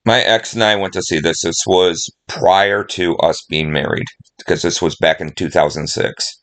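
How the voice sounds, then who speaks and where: A man's voice: sits low, steady tone, moderate pace, fairly bright tone. A middle-aged man rambling casually about movies he loves, emotional and full of fillers. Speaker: movie vlogger.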